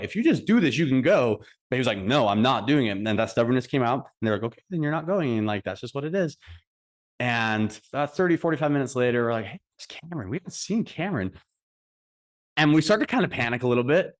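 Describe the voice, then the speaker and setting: A young man in his twenties giving a funeral tribute for his brother, telling stories warmly with fillers and restarts. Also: medium pitch. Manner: heartfelt storytelling with fillers and restarts. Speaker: eulogy speaker, brother. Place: funeral service.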